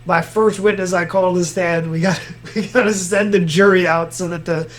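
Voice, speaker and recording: A man's voice: sits high, fairly quick, low-quality recording. A man with a Miami accent, a lawyer and podcast co-host, telling courtroom stories in a casual chat. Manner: animated storyteller, acts out quotes.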